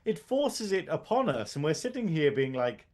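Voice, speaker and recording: A man's voice: a little high, very animated, moderate pace, darkish tone. A man co-hosting a casual TV review podcast, rambling and swearing as he talks. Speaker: podcast co-host.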